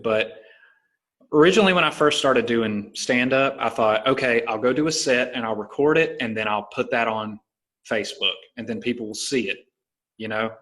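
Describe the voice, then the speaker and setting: A man with a Southern American accent, a stand-up comedian hosting a podcast, telling stories in loose casual talk full of "like" and "you know". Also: fairly low pitch. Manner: relaxed storytelling, many fillers like "like" and "you know". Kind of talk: casual conversation.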